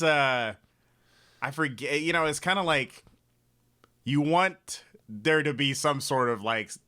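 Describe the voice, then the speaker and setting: Easygoing man with a bright voice. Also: medium pitch. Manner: easygoing, hesitant, lots of fillers and laughs. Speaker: podcast co-host. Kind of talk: casual chat.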